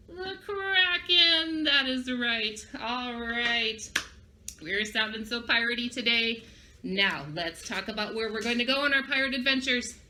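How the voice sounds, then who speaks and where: A woman's bright, slightly high voice with a forceful tone leads a library children's lesson on crafts and vocabulary, in a cheerful sing-song style where kids repeat words after her. There's a little hiss or hum in the audio.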